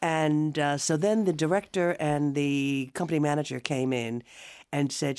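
Older lady singer on a radio chat, lively voice, acts out all the voices in her stories, laughs loads. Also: low voice, moderate pace. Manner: lively storyteller, acting out quoted voices; hearty frequent laughter. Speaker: guest singer. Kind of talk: casual radio interview.

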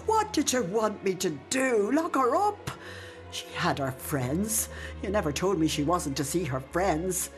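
A woman's voice: on the low side, a little slow, faint music behind. An older woman with an Irish accent narrating and playing a devoted, outspoken old nanny in a radio drama. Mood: defiant. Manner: storytelling narration with lively, emphatic speech. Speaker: narrator and character.

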